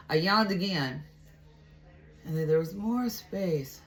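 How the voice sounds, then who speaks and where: Woman, vlogger, candid personal storytelling, reflective, very slow pace. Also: mid-range voice. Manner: candid, reflective, with frequent restarts.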